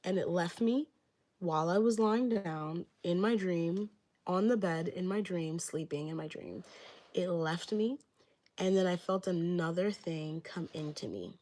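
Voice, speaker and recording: A woman's voice: on the low side, unhurried, dark tone. A young woman telling a story on a livestream in a rambling, casual way, filling nearly every phrase with "like". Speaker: livestreamer giving readings.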